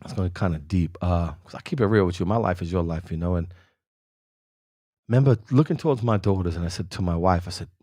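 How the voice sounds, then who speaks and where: A man's voice: low voice, brisk, dark tone, dry recording, studio quality. A man hosting a podcast, earnestly telling a motivational personal story in casual, slangy speech and addressing the listener by name. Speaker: podcast host.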